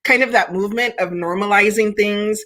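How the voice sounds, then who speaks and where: A woman's voice: medium pitch, brisk, sharp tone. A woman hosting a casual interview, encouraging her guest and using many fillers. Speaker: host.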